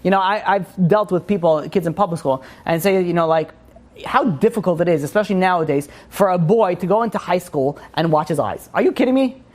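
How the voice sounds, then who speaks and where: Fast-talking, rambling man teaching a class. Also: high-pitched. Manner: rambling, many fillers and restarts, animated asides. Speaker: Torah teacher. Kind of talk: informal religious class lecture.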